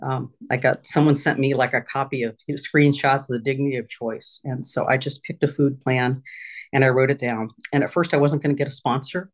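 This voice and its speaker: A middle-aged woman giving a candid personal share at a recovery meeting from her office, halting with fillers and restarts. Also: a bass voice, fairly even intonation.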